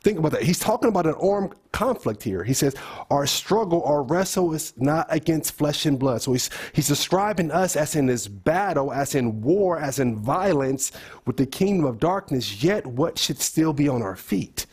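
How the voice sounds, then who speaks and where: Husky man leading a bible study. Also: a little high, animated, normal speed, darkish tone. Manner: thinking aloud, asks the group questions.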